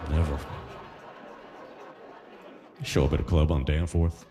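Deep-voiced stand-up comedian. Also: male voice, flat delivery, takes it slowly, in a large hall, a crowd in the background. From Caribbean. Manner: conversational, punchy asides.

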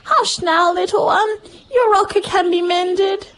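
A woman voicing a fussy, particular mama koala who whines in a high voice. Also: expressive, moderate pace, a bit bright, a little hiss or hum. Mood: cooing. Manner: high whiny voice, cooing.

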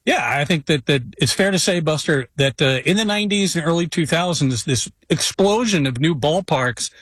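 A man guesting on a casual sports chat, upbeat and relaxed. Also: fairly high pitch, moderate pace, slightly rough, no room sound. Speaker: guest, graphic artist and author.

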